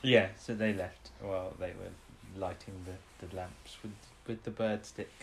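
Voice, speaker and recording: A man's voice: deep voice, fairly even intonation, a little slow, creaky, a little hiss or hum. A man co-hosting a show, recapping an episode in casual chat, rambling with restarts and tag questions. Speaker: podcast co-host.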